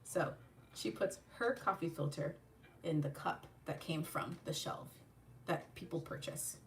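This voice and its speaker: A woman hosting her channel, telling a profane, animated story while doing a makeup tutorial, acting out the people in it. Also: low-pitched, a little slow, far from the mic, a little hiss or hum. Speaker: channel host.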